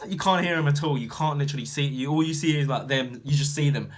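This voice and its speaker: Young British man, casual vlog chatter, rambling and filler-heavy, mid-range voice that flips between loud bursts and low mumbles. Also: fast, few pauses, a little hiss or hum. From Britain. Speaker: vlogger. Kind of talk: casual chat to camera.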